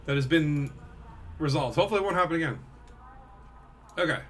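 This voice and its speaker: A man's voice: fairly high pitch, brisk, a bit bright, a little hiss or hum. A man chatting casually and rambling to his viewers while streaming a game. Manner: chatty, rambling, talks to chat while playing. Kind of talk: casual gaming stream chat.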